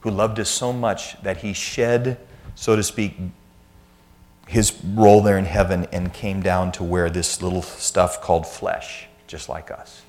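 A man in his fifties with a notably low, deep voice addresses a congregation in a relaxed, conversational sermon. He weaves in self-deprecating family stories before turning to his teaching. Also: a little slow. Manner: anecdotal, self-deprecating storyteller. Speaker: church speaker.

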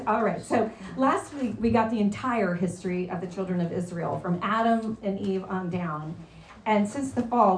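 A woman teaching a casual Bible lesson, chatty and quizzing her class as she goes. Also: medium pitch. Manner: chatty, asks the class questions. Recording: roomy echo, faint background noise.

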